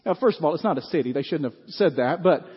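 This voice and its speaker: Folksy pastor, high voice. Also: male voice, animated, fast talker, slightly rough, long reverb tail, lo-fi sound. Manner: folksy, talks to the congregation with frequent "right?". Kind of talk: sermon. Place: church sanctuary.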